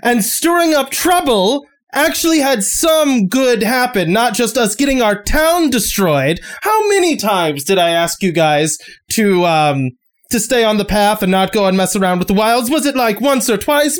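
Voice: medium pitch, very animated, unhurried, pitched above the performer's own voice. A game master voicing an exasperated, sarcastic male town sheriff who keeps repeating himself.

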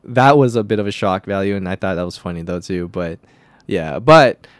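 A man co-hosting a casual movie review podcast, talking loosely and animatedly, acting out quoted lines with jumps in pitch. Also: normal speed, no echo. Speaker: podcast co-host. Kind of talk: casual film review chat.

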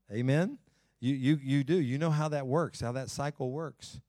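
A male pastor preaching in a folksy, animated way, leaning on the crowd and dropping to quiet asides between fired-up runs. His voice sits at an ordinary middle pitch. The sound is close and dry, with no room echo. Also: a little slow. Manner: folksy, talks to the congregation directly. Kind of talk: sermon.

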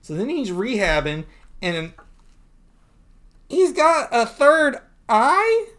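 A man's voice: extremely high pitch, huge pitch swings, takes it slowly, fairly bright tone. Chatty man recapping comics. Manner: chatty recap, laughing and acting out dialogue. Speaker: podcast co-host. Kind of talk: casual comic book discussion.

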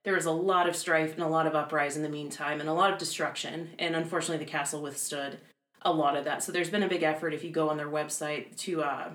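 A woman's voice: low voice, fairly even intonation, fast, a bit bright. A woman casually retelling a piece of history in a chatty way, full of sarcastic asides and frequent laughs. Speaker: podcast co-host telling history. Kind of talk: casual chat. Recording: echoey room.

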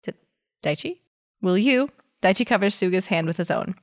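A woman's voice: medium pitch, normal speed, dry recording, studio quality. Giggly woman reading aloud animatedly. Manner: giggly, reads dialogue with lively voicing. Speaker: podcast co-host reading fan fiction aloud. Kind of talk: casual chat and dramatic reading.

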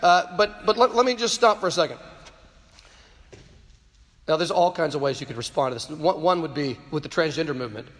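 A man's voice: a little high, a little fast, long pauses, a bit bright. A man giving an impassioned, preaching-style talk to a live audience of students, often repeating words as he presses a point. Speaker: speaker addressing students. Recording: long hall reverb.

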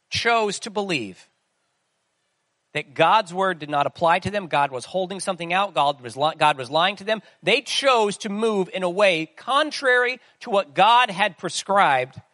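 A man's voice: high-pitched, animated, measured pace, bright, forceful tone, dry recording. A man preaching a sermon in a conversational way, asking the listeners questions as he goes. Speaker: pastor.

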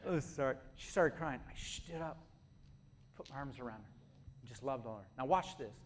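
A man preaching a sermon, telling stories and building to shouted calls to advance. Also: medium pitch, lively intonation, normal speed, slight background noise. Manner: storytelling, building to shouted exhortation. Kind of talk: sermon with storytelling.

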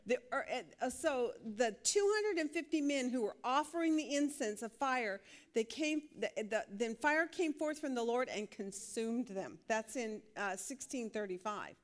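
A woman's voice: on the high side, lively intonation, measured pace, few pauses. A woman teaching a Bible study class, asking questions and laughing often.

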